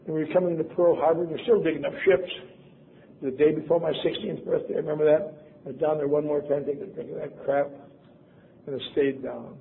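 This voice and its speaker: A man's voice: on the high side, fairly even intonation, fast, creaky. An older man from Wisconsin telling a personal story with wry, self-deprecating humor. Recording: tinny phone-like sound, faint noise.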